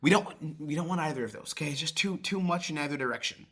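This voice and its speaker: A man's voice: a little high, rapid-fire, sharp tone, breathy edge. A man coaching sales, talking casually and acting out bits of calls to show each tone. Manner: demonstrates tones by acting out calls; casual, swears, many restarts. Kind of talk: sales training talk.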